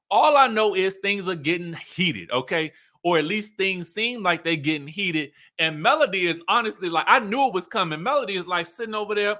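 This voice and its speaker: Southern guy, highish bright voice, animated, laughing a lot while recapping tv. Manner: animated storytelling, acts out cast members' lines; laughs often. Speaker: reality TV recap host. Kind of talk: casual chat.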